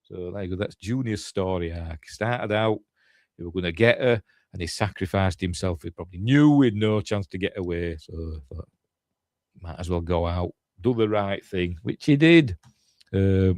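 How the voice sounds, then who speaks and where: Rambling, low-voiced Yorkshire man reviewing films. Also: darkish tone, no room sound, studio quality. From Yorkshire, England. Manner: rambling, chatty retelling full of fillers and asides, chuckling. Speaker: film reviewer, channel host. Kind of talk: casual film review commentary over the film.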